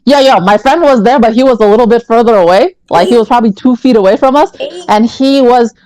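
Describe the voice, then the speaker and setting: A woman co-hosting a podcast, telling an animated, profane story in casual chat. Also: fairly high pitch, fast, no room sound, rough recording. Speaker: podcast co-host.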